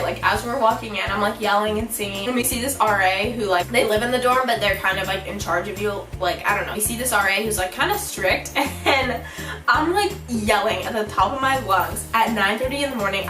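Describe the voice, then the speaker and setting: A young woman vlogger telling a storytime in an animated, giggly way, acting out her own shouts. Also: medium pitch, distant mic. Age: young adult. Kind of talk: storytime vlog. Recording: echoey room, a bit off-mic, music behind.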